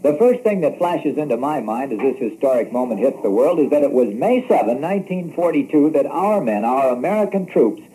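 A man delivering emphatic radio commentary in the manner of the 1940s, asking and answering his own questions. His voice sits fairly high but sounds very dark and mellow. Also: a little hiss or hum, rough recording. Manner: emphatic, rhetorical, stressing key words. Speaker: radio correspondent.

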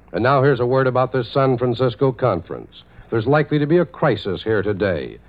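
Man reading 1940s radio news over a tinny line. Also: mid-range voice. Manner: measured, declamatory newscaster delivery. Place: conference city studio or booth. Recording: tinny, narrow-band 1940s radio broadcast.

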